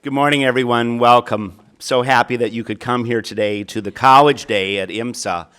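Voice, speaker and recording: A man's voice: mid-range voice, steady tone, moderate pace, fairly bright tone, smooth. A middle-aged man with a Minnesota accent, a college counselor giving a chatty, earnest speech to an audience in an auditorium. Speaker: college counselor, keynote speaker.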